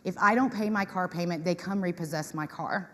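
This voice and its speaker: A woman giving a lively talk to an audience, acting out customers in quoted voices. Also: lowish voice, a little fast. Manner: animated, acts out tenants in quoted voices. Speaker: conference speaker on property management. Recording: reverberant hall.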